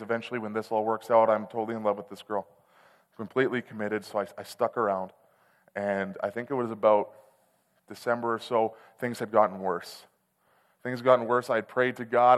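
A man preaching a sermon, telling a personal story in a candid, conversational way that swells into loud, passionate outbursts. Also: mid-range voice. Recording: long hall reverb.

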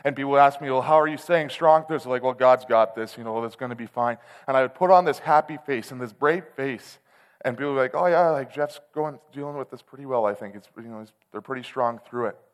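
A man giving a sermon from a large church hall, his voice trailing off into a long reverb. He speaks in an everyday middle register. He tells his own story plainly and candidly, then rises into loud, impassioned cries. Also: medium pitch, quick pace, smooth. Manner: candid storytelling that swells to loud, passionate outbursts. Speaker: preacher. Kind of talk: sermon with personal testimony.

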